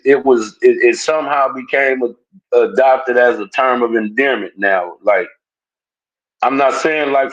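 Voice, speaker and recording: A man on a live stream, calmly reasoning through his point in a casual debate. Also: mid-range voice. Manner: measured, reasoning aloud step by step. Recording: dull, lo-fi remote audio.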